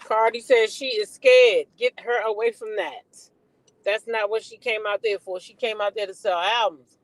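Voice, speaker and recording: A woman's voice: medium pitch, steady tone, normal speed, no room sound, low-quality recording. A woman hosting a gossip channel, chatting casually, laughing and repeating punchlines.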